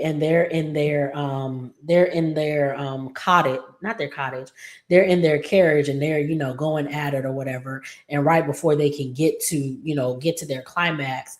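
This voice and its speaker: A woman's voice: sits low, steady tone, a little slow, darkish tone. A woman hosting a casual episode recap, rambling through the plot with lots of fillers and quoted lines. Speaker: recap host.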